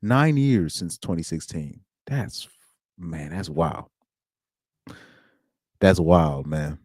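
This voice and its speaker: A man's voice: low voice, sing-song, slow, darkish tone, no echo, studio quality. A young man streaming alone, chatting casually in slang, rambling and laughing as he goes. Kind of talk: casual chat.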